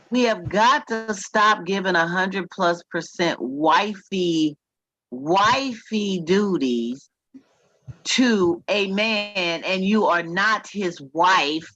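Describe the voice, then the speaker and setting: A woman hosting a casual talk show, speaking frankly and earthily, quick to joke. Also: lowish voice, fairly bright tone, no echo. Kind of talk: casual chat. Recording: dull lo-fi dry sound.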